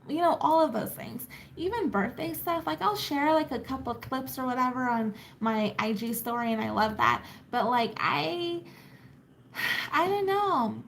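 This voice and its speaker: A woman's voice: on the high side, a bit bright, slight background noise. A woman vlogger and mother chatting casually to her viewers, reading their comments and rambling with fillers and laughs.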